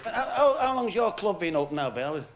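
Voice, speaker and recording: A man in a comedy club, chatting and joking through his stand-up set in a high, bouncy voice. It comes from an old, noisy TV recording with loud audience laughter behind him. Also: very animated, normal speed. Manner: chatty, jokey patter with the crowd.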